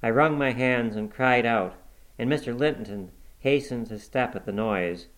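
A man reading a classic novel aloud in a measured, dramatic first-person narration. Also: medium pitch, fairly bright tone, poor audio. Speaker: audiobook reader.

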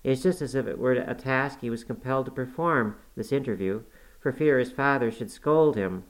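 A man reading an audiobook voices a spirited, willful teenage girl with a quick, petulant manner. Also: medium pitch, natural voice, poor audio. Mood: complaining.

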